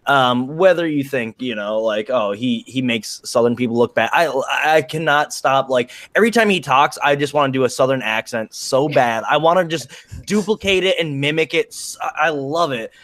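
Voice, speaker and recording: A man's voice: mid-range voice, normal speed, fairly bright tone, no room sound. A man with a mid-range voice rambles with enthusiasm, filling his sentences with "like" and "uh." His voice is recorded dry and close, with no room sound. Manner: enthusiastic, filler-heavy rambling. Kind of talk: casual chat.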